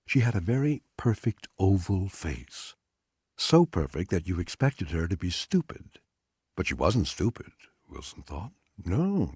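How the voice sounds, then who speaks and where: A man narrates a literary story in a husky, low voice with a wide, animated pitch. His reading is dramatic and expressive, recorded close and dry. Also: no room sound. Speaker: audiobook reader.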